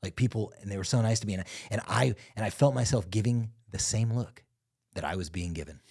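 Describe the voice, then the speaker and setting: A podcast co-host tells stories in casual conversation, swearing a lot, laughing, and doing lively impressions. His voice is lowish and gravelly with a breathy edge, and he talks a little fast.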